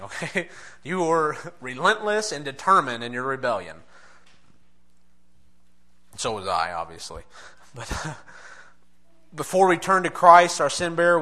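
A man delivers a sermon in a bright, slightly high voice. He speaks earnestly, pressing his listeners with direct questions. A soft chuckle slips in here and there. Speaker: preacher.

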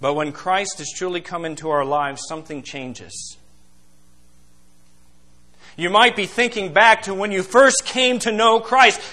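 High, bright-voiced pastor preaching emphatically. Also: male voice, measured pace, pauses often. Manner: emphatic, swings between loud and hushed; addresses congregation as beloved, asks questions. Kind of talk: sermon.

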